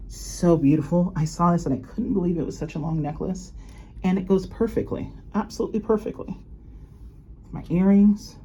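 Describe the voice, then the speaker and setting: Showing off her new jewelry, a luxury unboxing vlogger keeps up a casual, rambling show-and-tell and laughs often. She has a lowish, mellow voice, and faint background noise can be heard.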